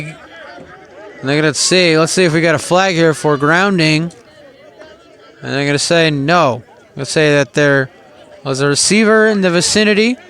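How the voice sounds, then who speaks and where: A man's voice: fairly high pitch, fairly bright tone. A man calling a live football game play by play, chatty and openly puzzled by the coaching decisions. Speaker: play-by-play announcer.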